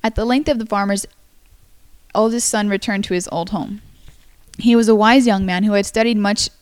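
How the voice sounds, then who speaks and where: A woman's voice: medium pitch, steady tone, smooth. Stumbling young woman reading aloud. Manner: halting, stumbles and apologizes. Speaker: amateur story reader. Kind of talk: casual read-aloud of a folktale.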